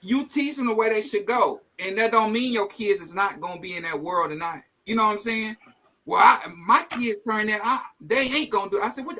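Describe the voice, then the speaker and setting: A man speaking as a guest on a casual talk show, in a conversational way full of halting restarts. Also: high-pitched, bright, forceful tone.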